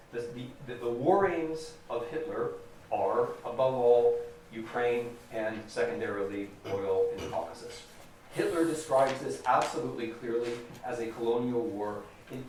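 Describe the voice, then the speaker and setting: A man's voice: medium pitch, a little hiss or hum. American man lecturing in an echoey hall. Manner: emphatic, repeats key phrases for stress. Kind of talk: public lecture. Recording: echoey hall recorded from a distance.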